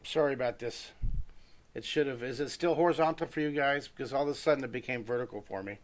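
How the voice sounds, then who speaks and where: Middle-aged guy doing a live drawing class, mid pitch, rambles and talks to himself while sketching. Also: quick pace. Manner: chatty, talks to himself while sketching, greets viewers by name. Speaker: drawing teacher. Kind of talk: live-streamed drawing lesson.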